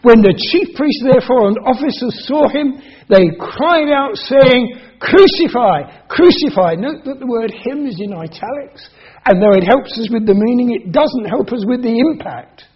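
A man preaching an expository sermon, his voice high for a man and very husky. He reads scripture aloud and then explains it, dropping soft and then rising emphatic. The recording is dull and lo-fi. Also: lively intonation, moderate pace.

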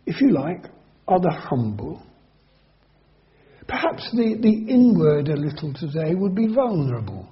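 A preacher with a high voice explains scripture in an earnest, measured way. He slows on key words and repeats them for emphasis. The recording sounds dull and lo-fi. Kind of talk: sermon.

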